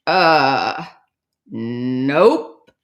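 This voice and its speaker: A woman voicing a stubborn, playful duck who insists it is a cat, in a low, flat voice for a children's story. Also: extremely slow, full character voice. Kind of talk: children's storytime read-aloud.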